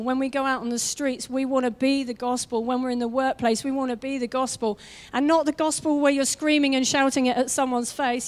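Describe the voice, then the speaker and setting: High-voiced woman preaching a lively sermon. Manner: energetic and conversational, with quick asides; acts out quoted voices. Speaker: guest preacher.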